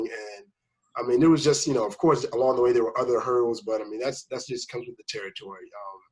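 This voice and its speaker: A man's voice: medium pitch, quick pace, a crowd in the background, low-quality recording. A man talking casually as a first-time home buyer guest, rambling through his story and acting out the people he quotes. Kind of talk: casual conversation.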